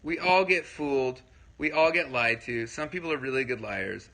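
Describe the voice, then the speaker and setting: A man's voice: medium pitch, normal speed, gravelly, sharp tone, low-quality recording. A man hosting a casual livestream, talking loosely to his viewers and answering their comments, rambling with lots of fillers and frequent check-ins. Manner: rambling, filler-heavy, keeps checking in with listeners. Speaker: livestream host.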